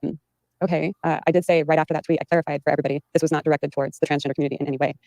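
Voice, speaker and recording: Female interview guest: fast, gravelly, rambling with many fillers and restarts. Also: sits low, little pitch movement, mellow, no echo, low-quality recording. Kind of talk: recounting in an interview. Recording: played from an archived interview.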